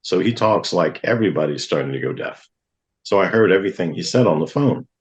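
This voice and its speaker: Deep-voiced man telling his story. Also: expressive, brisk. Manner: earnest, vivid retelling with acted-out quotes. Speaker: guest. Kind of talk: personal testimony storytelling.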